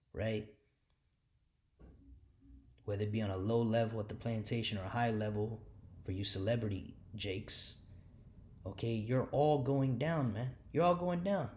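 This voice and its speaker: A man giving informal, heated scripture commentary, cursing often and tagging lines with "man", sometimes dropping to quick low asides. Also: a little mellow. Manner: mutters asides low and fast. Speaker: religious speaker.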